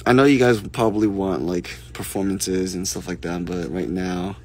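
A man casually answering fan questions on a live stream, soft-spoken and unhurried, reading questions aloud before he replies. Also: low-pitched, steady tone.

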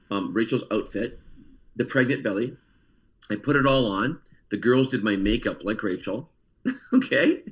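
A man, an actor guest telling an animated story with frequent laughs over a video call. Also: lowish voice, low-quality recording. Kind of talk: casual storytelling interview.

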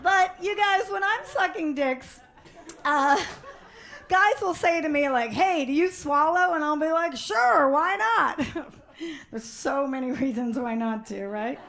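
Stand-up comic, woman, high bright voice, dry mock-earnest delivery with sudden loud bursts. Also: expressive, unhurried. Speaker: stand-up comedian. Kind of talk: stand-up comedy set. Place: stage before a live audience.

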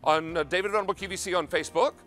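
Male shopping-channel host, chatty and emphatic, slightly high voice, faint music under. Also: rapid-fire, fairly bright tone. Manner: upbeat, chatty, emphatic sales pitch. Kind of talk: live TV shopping presentation. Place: TV studio kitchen.

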